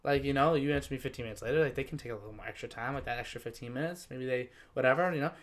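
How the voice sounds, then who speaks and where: A man hosting a podcast in casual chat, joking and rambling as he lays out his own rules in quick bursts. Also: mid-range voice. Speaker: podcast host.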